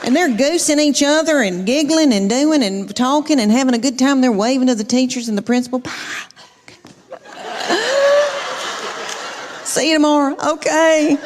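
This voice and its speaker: A woman's voice: high voice, a little fast, few pauses, a little mellow, a little hiss or hum. A woman with a Southern US accent doing a folksy, exasperated stand-up story about her family. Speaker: stand-up comedian. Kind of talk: stand-up routine.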